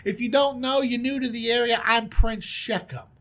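A man's voice: very high voice, fairly even intonation, normal speed, fairly bright tone, voice pushed up. A man putting on a brash, boastful mobster prince. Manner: brash, schmoozing, self-satisfied. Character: boastful young male prince, mob-boss swagger.

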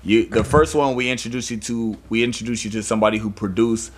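A man's voice: medium pitch, fairly even intonation, fast talker. A man co-hosting a casual boxing podcast, opinionated and laid back, often repeating words as he talks. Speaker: podcast co-host.

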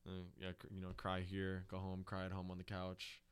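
A man co-hosting a podcast, talking in a casual, halting way with repeated words. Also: deep voice, monotone, clean tone. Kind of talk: casual chat.

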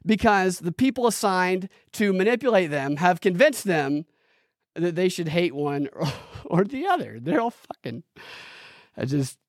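A man's voice: high-pitched, sing-song, a little slow, no echo, studio quality. A man hosting a live political podcast, ranting in a heated, profane, rambling way with restarts and laughs. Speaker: podcast host. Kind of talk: live-streamed political commentary rant.

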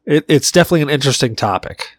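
A man's voice: on the high side, rapid-fire, no room sound. A man from Virginia co-hosting a podcast, telling stories in casual chat with swearing and laughter. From Virginia, United States. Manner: animated storyteller, laughs, swears often. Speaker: podcast co-host.

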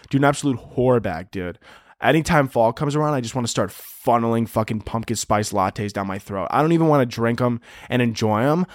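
Male comic podcaster, profane and hyperbolic, average pitch, dead-dry mic. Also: no room sound. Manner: crude, hyperbolic, deadpan-absurd ranting with frequent "dude". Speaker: podcast host. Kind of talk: comedic solo podcast rant.

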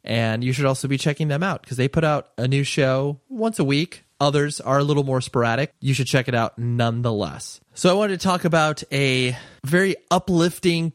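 A man hosts his podcast with a stuffy, congested voice from a cold. He talks in an excitable, rambling and self-deprecating way, in an ordinary middle pitch. The sound is dry, with no room around it. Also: dry recording. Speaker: podcast host. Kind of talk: casual podcast chat.

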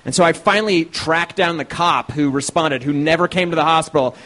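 A man's voice: fairly high pitch, fairly quick, pushed and bright. A man telling a profane, comic story live on stage, laughing through it. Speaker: co-host and storyteller. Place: live show at a small venue.

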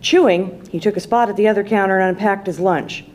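A woman, an author, reading her short story aloud in a plain, low-key delivery. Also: steady tone, brisk, a little mellow.

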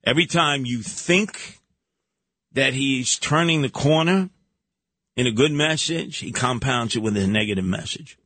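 A man's voice: medium pitch, a little slow, bright, forceful tone, dry recording. A man hosting a talk radio show, giving combative, sarcastic commentary. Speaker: radio host.

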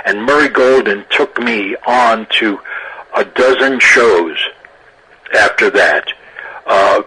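An older man, an actor being interviewed, telling anecdotes in a lively way and laughing often. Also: on the low side, a little hiss or hum, low-quality recording. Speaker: actor guest.

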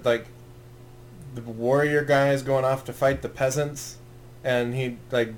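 Guy cohosting a podcast, jokey, trails off a lot, bit of hiss in the background. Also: medium pitch. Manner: rambling, joking, trailing off. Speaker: podcast co-host. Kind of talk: casual chat.

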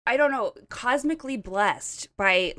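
A woman in her thirties co-hosting a casual podcast, gushing through stories with lots of "like", her voice a bit hoarse after a late night. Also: on the high side, expressive, measured pace, sharp tone, dry recording. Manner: bubbly, gushing storyteller with lots of "like". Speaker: podcast co-host. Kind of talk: casual chat.

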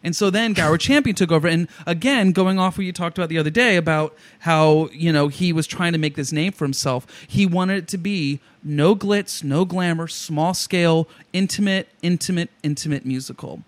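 A man co-hosting a podcast, chatting excitedly and casually about musicals. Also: fairly high pitch, moderate pace, few pauses, no echo. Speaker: podcast co-host.

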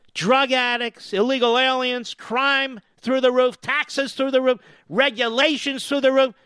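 A man's voice: very high-pitched, fairly bright tone, smooth, dry recording, studio quality. An older man from the US East Coast hosting talk radio, sarcastic and combative in a mocking monologue. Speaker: radio talk show host.

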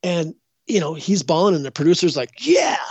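A man's voice: fairly high pitch, brisk, breathy edge, no room sound. An older man from Minnesota, a guest psychic rambling through stories in casual interview talk, restarting his sentences often. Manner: rambling, with many restarts and fillers. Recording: dull, dry lo-fi sound.

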